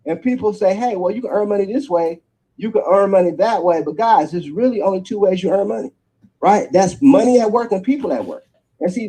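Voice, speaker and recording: A man delivers a rapid, high-pitched sales pitch for a network marketing plan. His voice is husky and dark in tone. He drives each point home and checks in with his listeners again and again. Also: low-quality recording. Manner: energetic preacherly pitch, tag questions after each point.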